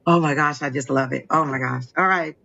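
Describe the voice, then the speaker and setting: A woman's voice: sits low, steady tone, fairly quick, creaky, sharp tone, muffled recording. Gushing, effusive woman psychic medium. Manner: gushing, emotional, repeats "oh my gosh". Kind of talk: live psychic reading chat.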